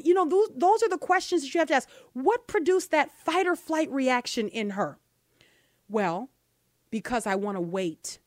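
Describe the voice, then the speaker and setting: A woman's voice: fairly high pitch, no room sound, studio quality. A woman hosting a talk show, giving emphatic opinion commentary and tossing in rhetorical "right?" questions.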